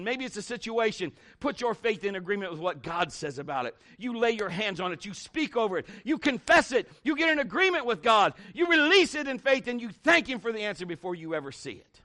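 A middle-aged man preaching a sermon in an animated, conversational way, with big swings in pitch. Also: a little fast, few pauses.

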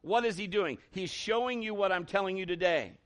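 A pastor preaches a sermon in a high voice. He builds his volume and calls out to the congregation as he goes. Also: a little fast, fairly bright tone, clear, resonant tone.

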